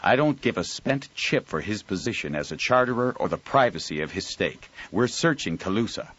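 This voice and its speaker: A man's voice: fairly low pitch, animated, normal speed, fairly bright tone, highs cut off. A man voicing a stern, precise woman commander who speaks in harsh, clipped syllables.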